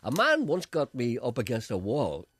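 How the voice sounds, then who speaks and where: A man's voice: medium pitch, huge pitch swings, normal speed, a bit bright, slightly rough, dry recording. A man hosting a radio show, rambling through a story and acting out the lines of the people in it. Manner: rambling storyteller, acts out quotes, laughs at own tales. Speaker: radio host. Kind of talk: casual chat.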